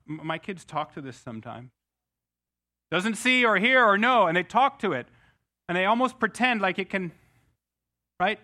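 A middle-aged man preaching a sermon as pastor, emphatic, often restarting words with quick repeats. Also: sits high, bright, forceful tone.

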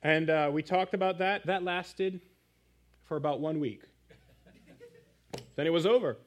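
Animated storytelling preacher, higher voice. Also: male voice. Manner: animated storytelling with quick asides. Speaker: pastor. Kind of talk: sermon. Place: church.

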